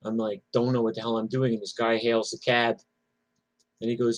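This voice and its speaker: A man's voice: mid-range voice, level tone, fairly quick. A middle-aged man telling personal stories casually, profane and rambling. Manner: profane, rambling, lots of fillers. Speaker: storyteller.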